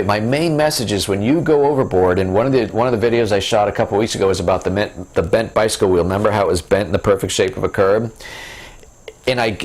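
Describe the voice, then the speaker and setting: Telling a meandering story straight to camera, a middle-aged host of a business video series keeps it casual, full of fillers and false starts. His pitch sits fairly low.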